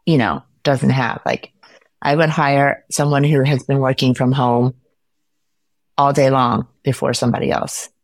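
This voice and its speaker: Emphatic woman with a low voice. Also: steady tone, unhurried, dry recording, clean studio sound. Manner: emphatic, opinionated, building points by repetition. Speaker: podcast guest. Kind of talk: casual conversation.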